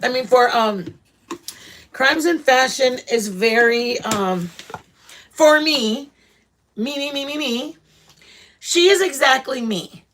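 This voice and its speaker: Woman hosting a livestream, blunt, rambling, lots of fillers, high voice, casual chat. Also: takes it slowly, long pauses, a bit bright, a little hiss or hum. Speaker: channel host chatting with live viewers.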